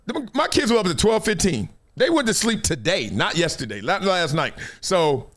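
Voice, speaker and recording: A middle-aged man hosting a casual sports talk show, slangy and animated, acting out quick voices as he riffs. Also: sits high. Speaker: show host. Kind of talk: casual commentary livestream.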